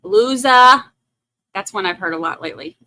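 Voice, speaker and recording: A woman's voice: mid-range voice, lively intonation, a little fast, pushed and bright. A woman hosting a trial stream, chatting in a casual, playful way on a close mic. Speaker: host commenting on a trial stream. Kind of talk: casual live commentary.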